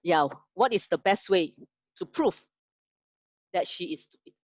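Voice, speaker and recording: A woman's voice: on the low side, lively intonation, a little slow, dry recording, muffled recording. A woman teaching an online class. She asks the class questions, then tells a story to make her point. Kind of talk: online lesson told as a story.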